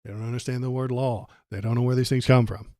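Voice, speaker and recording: A man's voice: medium pitch, steady tone, fast, dark tone, dry recording, studio quality. A man hosting a political livestream, ranting sarcastically and tripping over his words. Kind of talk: casual political commentary.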